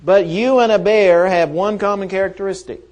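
A man's voice: high-pitched, moderate pace, darkish tone. A man teaching a Bible lesson in a conversational way, often asking rhetorical questions.

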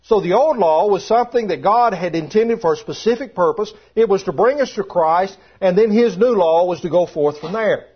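A man's voice: sits high, moderate pace, hardly any pauses, breathy edge. A man preaching a sermon to a congregation, emphatic and repeating his key phrases. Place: church room with congregation. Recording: dull lo-fi sermon recording.

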